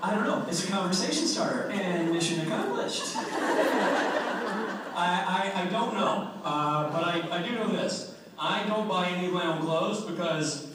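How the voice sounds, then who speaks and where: A man holding court at a fan convention, joking at his own expense and wandering between stories. His voice sits a bit high for a man. The recording is distant and swims in hall echo over a noisy crowd. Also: normal speed. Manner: rambling, self-deprecating, laughs often. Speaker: convention panel guest. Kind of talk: casual fan Q&A. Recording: echoey hall, far from the mic, noisy.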